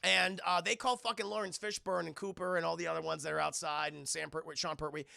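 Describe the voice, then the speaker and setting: A man's voice: fairly high pitch, little pitch movement, fast, vocal fry, sharp tone, no room sound, clean studio sound. A man streaming a rambling, profane film recap, laughing and acting out scenes as he talks to chat. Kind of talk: casual livestream chat.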